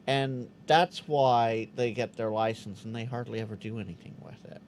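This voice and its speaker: A man hosting a casual live Q&A stream, reading out chat questions and answering them with quick restarts. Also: medium pitch, a little hiss or hum. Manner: animated, stammering restarts, acts out quoted voices.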